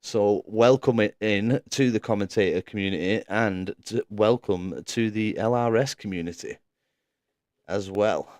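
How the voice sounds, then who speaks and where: A man's voice: fairly low pitch, a little slow, a little mellow, no room sound, clean studio sound. A man commentating a sim racing league live stream, chatting casually, laughing often and reading out viewers' messages.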